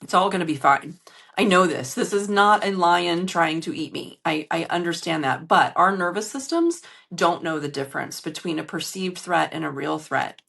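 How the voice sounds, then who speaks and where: A woman's voice: on the low side, normal speed, gravelly, a bit bright. A woman podcast host and business coach speaking earnestly and emotionally to her listeners, recorded on a phone in a hotel room. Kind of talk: candid solo podcast monologue.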